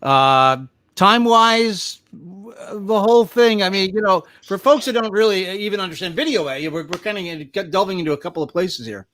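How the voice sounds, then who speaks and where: A man's voice: high-pitched, lively intonation, moderate pace, a bit bright, no echo. A man hosting an interview, asking long, rambling questions full of fillers over a video call. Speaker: podcast host. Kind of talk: casual interview.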